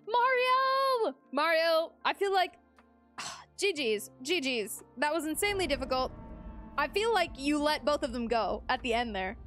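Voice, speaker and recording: Casting note: young woman streamer, high bright voice, giggly and chatty, faint music behind. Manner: chatty, giggly, reads and greets chat. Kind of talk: casual live-stream chat while gaming.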